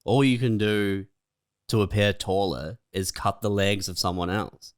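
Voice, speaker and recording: A laid-back young man with a fairly low voice, chatting loosely on a comedy podcast and laughing along. The sound is dry and close, with no room in it. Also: measured pace, smooth, no echo. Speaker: podcast co-host. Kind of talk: casual comedic chat.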